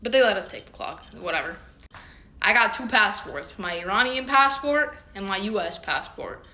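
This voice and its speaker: Speaking at a moderate pace, this young vlogger has a medium-pitched, lively, bright and pushed voice. She recounts a personal story to camera in loose slang, cursing freely and mimicking other people's words, in a room with noticeable echo.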